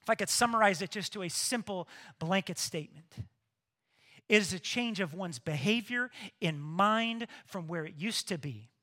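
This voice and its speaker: A male pastor preaching a sermon, lively, swinging between hushed asides and loud emphatic bursts. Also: sits high, normal speed.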